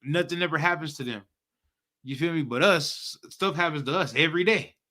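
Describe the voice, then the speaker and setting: A young man leads a streamed scripture class in animated slang, talking straight to his listeners. His voice sits high and sounds bright and edged. He keeps checking in with "you feel me". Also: a little fast. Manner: animated, street slang, repeats "you know what I'm talking about". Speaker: teacher leading a live-streamed scripture class. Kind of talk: casual slangy preaching commentary.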